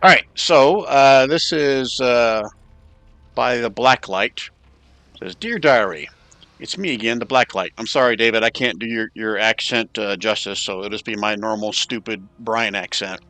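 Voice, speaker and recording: A man's voice: on the low side, a little slow, no room sound. A man acting as game master, casually opening a tabletop session and reading a recap aloud. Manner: relaxed, casual, reads recap aloud with filler uhs. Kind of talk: running a tabletop game over voice chat.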